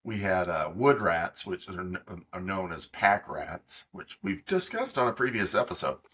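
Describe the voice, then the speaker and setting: A middle-aged man co-hosting a podcast, telling a long, halting story in casual chat with many fillers. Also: low-pitched, very animated, fairly bright tone, husky. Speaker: podcast co-host.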